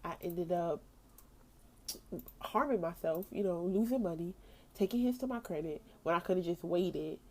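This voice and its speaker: Animated woman telling a faith story. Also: on the low side, normal speed, long pauses. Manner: animated storytelling, acting out her own past thoughts; casual, slangy, with frequent "like" and laughs. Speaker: podcast host. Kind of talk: faith podcast talk.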